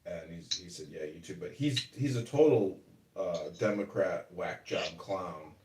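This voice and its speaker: A man's voice: low voice, a little slow, darkish tone, recorded from a distance, slight background noise. A man hosting a casual chat, rambling and mocking with plenty of profanity. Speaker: podcast host and political candidate. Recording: roomy room, away from the mic.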